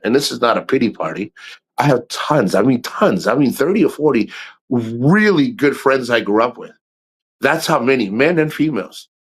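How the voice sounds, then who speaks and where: A middle-aged man talks straight into his streaming mic in a loose, rambling way. He is blunt and swears freely. His voice sits at an ordinary mid pitch. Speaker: livestream host. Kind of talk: casual livestream talk.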